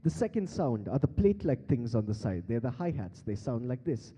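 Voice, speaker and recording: A man's voice: medium pitch, very animated, fairly quick, warm tone, slightly rough. Playful man in a long-reverb hall. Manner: playful, quizzes the crowd, laughs often. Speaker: beatbox performer teaching the audience. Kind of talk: live interactive stage workshop. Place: large conference hall stage. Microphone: handheld stage mic.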